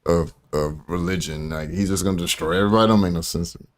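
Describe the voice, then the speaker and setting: A man's voice: fast, background noise. A man hosting a casual livestream, telling stories with lots of fillers and slang and acting out quotes. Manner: animated storytelling, acts out quotes in a high voice; loose slangy talk with many fillers. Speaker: reaction streamer host.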